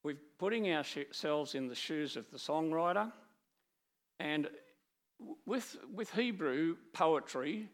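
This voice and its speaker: A middle-aged man delivers a sermon from slides. His voice sits a bit high for a man, and he talks in a lively, halting way, full of restarts. He keeps breaking into animated quoted speech. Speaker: preacher.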